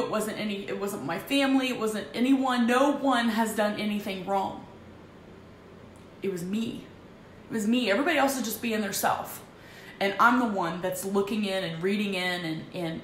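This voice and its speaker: A woman in her thirties speaks at home in a medium-pitched voice, halting and restarting as she confides. The room is echoey, with a faint hum of noise behind her. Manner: halting, emotional, frequent restarts. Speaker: vlogger. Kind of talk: candid personal confession.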